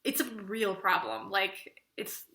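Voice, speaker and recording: A young woman giving an opinionated casual book review, animated and chatty, acting out little conversations as she goes. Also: mid-range voice, slow pace, reverberant, noisy background. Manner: animated, chatty, acts out quoted exchanges.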